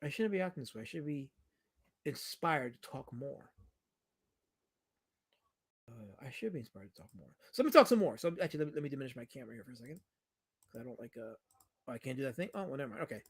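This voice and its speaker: A man's voice: medium pitch, lively intonation, quick pace, long pauses, breathy edge. A man hosting a casual livestream, rambling about old movies and teasing his chat. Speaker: livestream host.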